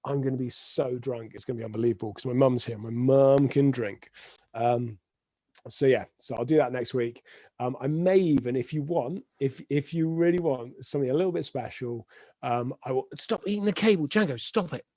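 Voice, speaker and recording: A man's voice: medium pitch, normal speed, mellow, no echo. A man hosting his own weekly live stream from home, chatting unscripted and rambling with plenty of ums and restarts. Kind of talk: unscripted casual monologue.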